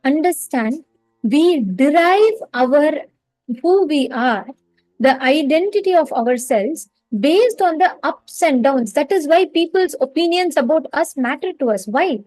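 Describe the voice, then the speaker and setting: A woman's voice: high voice, lively intonation, a little slow, a little mellow, no room sound, faint music behind, poor audio. A woman teaching a live online spiritual course, telling an earnest story, repeating key phrases and speaking straight to her viewers. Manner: addresses viewers directly and reads their names from the chat.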